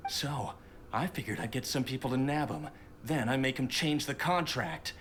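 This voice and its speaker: An actor playing a bitter, resentful son in a game who talks coldly and grudgingly. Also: male voice, mid-range voice, moderate pace, a bit bright, a little hiss or hum, lightly acted. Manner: cold, grudging.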